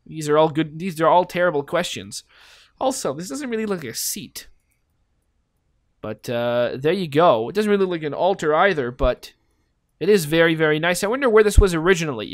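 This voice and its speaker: A man's voice: fairly high pitch, dry recording, clean studio sound. A man commenting casually on a geography game, rambling and asking himself playful questions as he thinks aloud. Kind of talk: casual let's-play commentary.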